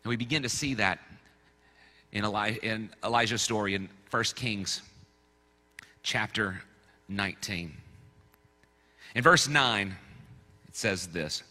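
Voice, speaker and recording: Bright-voiced pastor preaching in a reverberant hall. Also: male voice, lowish voice, slow, pauses often. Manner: conversational preaching with playful asides. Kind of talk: sermon. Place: church sanctuary.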